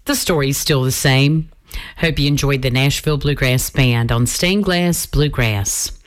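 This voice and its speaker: Woman, radio host, low voice, slow folksy delivery. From North Carolina. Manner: unhurried, folksy, with some fillers and restarts. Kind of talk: gospel bluegrass radio hosting.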